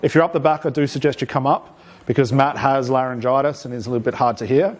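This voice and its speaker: A man teaching a live hypnosis workshop to a room, energetic and often checking in with "okay?". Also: mid-range voice, fast. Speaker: hypnosis trainer. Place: training room with an audience.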